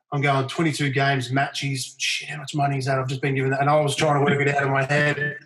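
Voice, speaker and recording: A middle-aged Australian man telling stories in casual chat, acting out other people's lines in livelier raised voices. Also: mid-range voice. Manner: animated anecdotes, acting out quotes in raised voices. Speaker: podcast guest. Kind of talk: casual storytelling. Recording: roomy echo.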